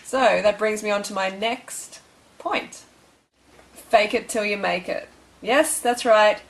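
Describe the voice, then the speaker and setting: A woman's voice: mid-range voice, slow, gravelly, rough recording. A young woman giving blunt, bossy, tough-love advice in a motivational vlog.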